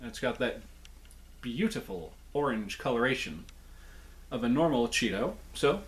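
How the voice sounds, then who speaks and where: A man's voice: mid-range voice, big pitch swings, measured pace. Chatty, playful man reviewing snacks. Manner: chatty and playful, jokey asides. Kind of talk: casual solo review.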